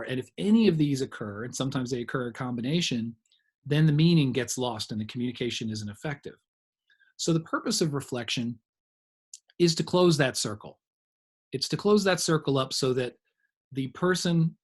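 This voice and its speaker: A man's voice: medium pitch, slightly rough. A middle-aged man giving a recorded training lecture, explaining in a conversational way with examples and asides.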